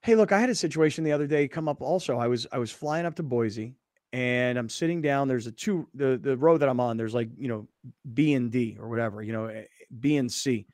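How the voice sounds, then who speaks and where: A man's voice: mid-range voice, brisk, a little mellow, no echo, clean studio sound. A man hosting a talk show, telling a rambling story and acting out the people in it. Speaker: radio show host.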